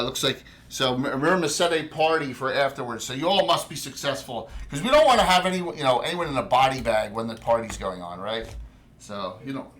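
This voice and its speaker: A man's voice: medium pitch, pushed and bright. A man with a New Jersey accent running a tabletop game as game master, rambling with many restarts.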